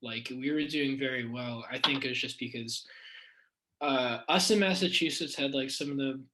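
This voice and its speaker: Bright-voiced young man, chatty guest. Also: mid-range voice, normal speed, low-quality recording. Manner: filler-heavy, chatty, swears casually. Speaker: podcast guest. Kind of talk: casual podcast chat.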